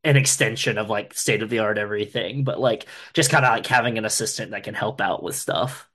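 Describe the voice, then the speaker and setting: A man's voice: fairly low pitch, brisk, a bit bright. A man in a casual chat about a game, speaking hesitantly with many fillers. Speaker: player.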